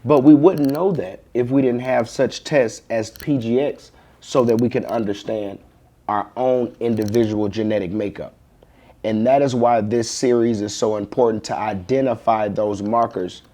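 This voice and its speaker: A man's voice: mid-range voice, mellow. A man speaking earnestly as an advocate and interviewer, explaining points and checking in with "right?". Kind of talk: advocacy talk and interview questions.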